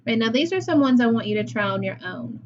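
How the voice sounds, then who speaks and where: A woman's voice: fairly high pitch, lively intonation, fast, dull audio, slight background noise. A woman teacher leading a phonics lesson for young children, patient and praising as she sounds words out.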